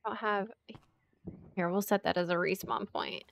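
A woman's voice: mid-range voice, steady tone, normal speed, gravelly, a little hiss or hum. A woman hosting a game playthrough in casual commentary, chatty and exclaiming as she talks to the creatures on screen. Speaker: let's play host.

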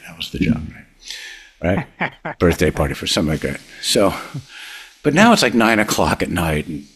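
A man's voice: very deep voice, expressive, normal speed, fairly bright tone, husky. An older man, a comedy writer, telling rambling show-business stories as a podcast guest, laughing often. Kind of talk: casual anecdotal storytelling.

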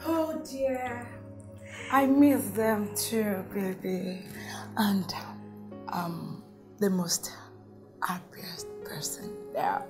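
An actress playing an affectionate, motherly woman who comforts a young woman gently, at times in a whisper, in a film drama. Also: mid-range voice, over music. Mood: tender. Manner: slow, gentle, dropping to whispers.

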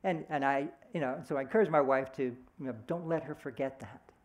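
A man's voice: mid-range voice, brisk. A middle-aged man giving a sermon in a conversational, storytelling way, slipping into short voiced quotes. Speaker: speaker at a church service.

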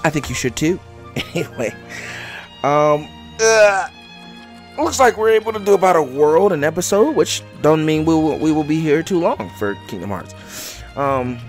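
A man in his late twenties giving casual let's play commentary, excitable and repeating himself while he plays. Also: on the high side, moderate pace. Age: 20s. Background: game music.

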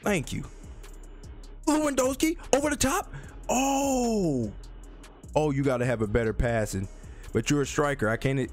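Animated man trash-talking over gameplay. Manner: animated, trash-talking, jumps into high yelps. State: voice cracking. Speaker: gaming YouTuber. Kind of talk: live gameplay commentary.

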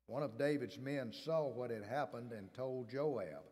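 A man reads scripture aloud in a church sanctuary at a measured, steady pace. His voice sits at a middle pitch. Long reverb from the large room trails after each phrase. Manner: measured, steady reading cadence. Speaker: scripture reader. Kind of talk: reading scripture aloud in worship.

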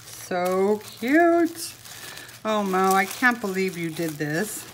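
Older woman, home unboxing vlog, slow-paced, low-ish voice, sentimental, lots of pauses and fillers, faint background noise. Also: pushed and bright. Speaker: vlogger. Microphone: camera mic.

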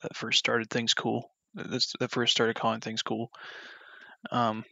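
A young man talking casually in a rambling way while modding a game, full of fillers and restarts, now and then flaring into a loud rant. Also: mid-range voice, completely flat delivery, measured pace, vocal fry, no echo, muffled recording. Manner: meandering, many fillers and restarts, flares into loud ranting. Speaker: video creator modding a game. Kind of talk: rambling off-topic commentary.

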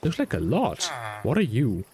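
A man's voice: mid-range voice, wildly swooping pitch, normal speed, a crowd in the background. A man giving casual, chatty commentary as he plays, joking with the characters he meets. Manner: chatty, talks to game characters, playful asides. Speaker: gaming YouTuber.

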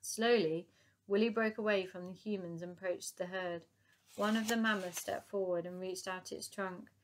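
A woman narrating a children's book aloud in a calm, even storytelling manner. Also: medium pitch, moderate pace, a little hiss or hum.

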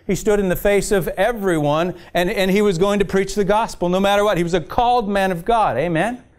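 At a church service, a male pastor preaches to his congregation in a high, smooth voice at a fairly quick clip. He retells scripture as a story, restarting often, and keeps calling out "amen?" in call-and-response fashion.

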